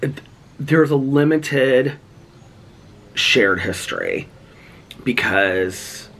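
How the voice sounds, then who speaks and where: A middle-aged man from the United States vlogging about personal loss, speaking haltingly with many fillers and close to tears. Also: medium pitch, lively intonation, fairly bright tone. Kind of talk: emotional personal vlog talk.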